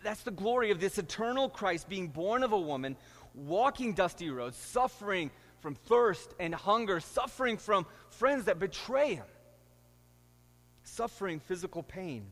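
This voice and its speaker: A man's voice: high-pitched, animated, unhurried, a bit bright, big-room sound. A middle-aged man, a pastor, preaching a sermon and telling stories with rising, emphatic delivery. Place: church sanctuary.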